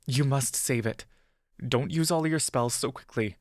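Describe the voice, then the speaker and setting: An actor playing an injured, frightened monk who pleads and begs in a pained, breathless voice. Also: male voice, medium pitch, unhurried, no room sound, clean studio sound, natural voice. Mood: urgent. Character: wounded, frightened elderly male monk, pleading.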